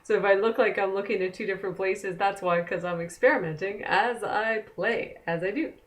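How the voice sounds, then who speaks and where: An oracle card reader sits at a desk at home, chatting casually and conversationally to the camera, recorded on the camera mic. Her mid-range voice moves a little fast.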